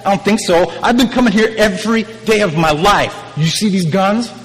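A man voicing an exasperated, sarcastic woman at a well who talks back loudly. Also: sits high, normal speed, in a large hall, voice pushed up, low-quality recording. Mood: indignant. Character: indignant, sassy woman at a well.

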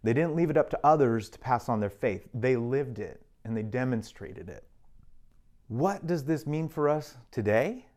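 A man's voice: medium pitch, animated, normal speed, a little mellow. Man giving a conversational sermon. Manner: conversational teaching with dry jokes. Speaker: pastor. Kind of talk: sermon on parenting and faith.

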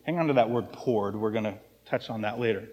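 A man preaching a sermon to his congregation in a relaxed, conversational way, often checking in with "right?". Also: lowish voice, brisk. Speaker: pastor. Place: church sanctuary. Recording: long hall reverb.

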